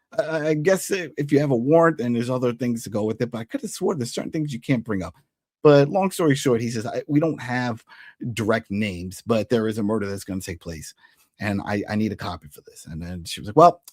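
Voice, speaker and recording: A man hosts a casual recap of a TV episode, talking in a lively, swinging voice. He keeps slipping into quick put-on voices for the characters as he retells scenes. The sound is dry and close. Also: mid-range voice, no echo. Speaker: TV recap host.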